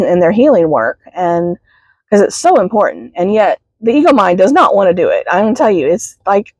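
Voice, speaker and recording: A woman, teary and sniffling, talking haltingly in a heartfelt vlog from her parked car. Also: on the low side, darkish tone, no room sound. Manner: halting, many fillers and apologies. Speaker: spiritual healing vlogger. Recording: dull, dry sound inside a car.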